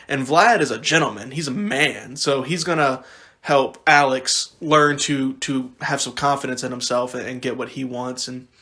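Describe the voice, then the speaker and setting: A young man co-hosting a podcast, chatting casually in an animated way, rambling with frequent restarts. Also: a little high. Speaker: podcast co-host. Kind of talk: casual chat.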